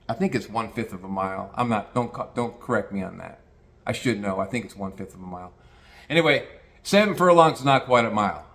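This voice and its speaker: A man's voice: medium pitch, fairly bright tone. A man spinning a casual anecdote, rambling and peppered with swearing. He talks in an easy conversational way, circling back and restarting as he goes. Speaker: storyteller.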